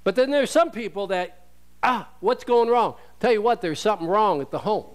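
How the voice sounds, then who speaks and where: A man's voice: high voice, expressive, normal speed. Man preaching a folksy sermon. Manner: conversational preaching with rhetorical questions and scripture quotes. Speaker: pastor.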